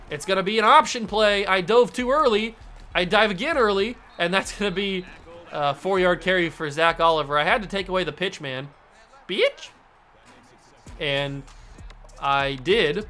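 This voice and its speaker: Excitable young man calling his own game. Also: high-pitched. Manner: excitable, jokey, narrates own plays like a sportscaster. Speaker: gaming channel host. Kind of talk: casual play-by-play commentary while gaming. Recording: faint game music behind.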